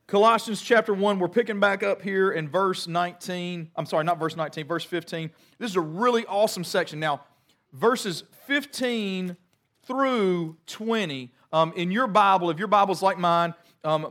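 A middle-aged male pastor preaching with a relaxed, conversational warmth of storytelling. His voice sits a little higher than most men's, and he talks in an animated, self-deprecating way. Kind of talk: sermon.

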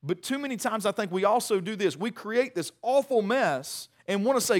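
A middle-aged man, preaching a sermon in a conversational, animated way with many restarts. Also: high-pitched, quick pace, few pauses. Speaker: pastor.

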